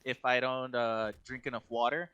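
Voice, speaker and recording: A man's voice: medium pitch, steady tone, normal speed, pushed and bright, clean tone, no echo, dull audio. A young man co-hosting a podcast, telling a story in casual chat, rambling with constant filler words and restarts. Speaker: podcast co-host.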